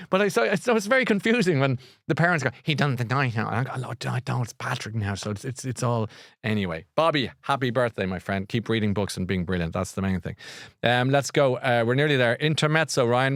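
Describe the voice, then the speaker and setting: A man's voice: mid-range voice, gravelly, a bit bright, no room sound, studio quality. A middle-aged Irish man hosting a live podcast, rambling in a chatty, easygoing way and laughing often. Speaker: podcast host. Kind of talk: casual live chat.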